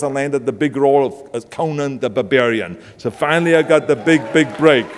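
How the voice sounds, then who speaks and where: In a large event hall, an older keynote speaker from Austria delivers a motivational speech in a heavy Austrian German accent, telling emphatic stories with punchy lines. His voice is a little high with a darkish tone, and the live stage recording carries long hall reverb.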